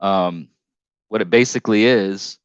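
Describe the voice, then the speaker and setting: A man's voice: deep voice, unhurried, clear, resonant tone, no room sound, lo-fi sound. A man with a northern US accent hosting a casual live stream on a headset mic, telling a rambling story full of restarts and self-corrections.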